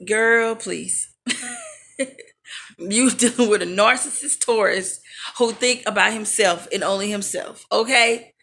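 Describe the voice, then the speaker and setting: A woman's voice: medium pitch, takes it slowly, creaky, bright, forceful tone. A woman vlogger telling a storytime rant in a sassy, blunt and profane way. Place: home in Las Vegas.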